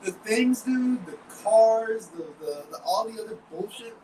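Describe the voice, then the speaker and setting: A man's voice: high voice, lively intonation, a little slow, dark tone. A man in a candid podcast conversation, blunt and swearing freely, acting out his own inner voice. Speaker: guest. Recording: roomy, distant mic with background noise.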